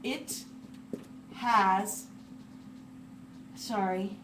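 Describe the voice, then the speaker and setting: A literature teacher with a mid-range, steady, fairly bright voice gives a careful lecture on a text, with a little hiss or hum in the audio. She deliberately reads passages aloud, breaks sentences down word by word, and spells out words one at a time as she writes.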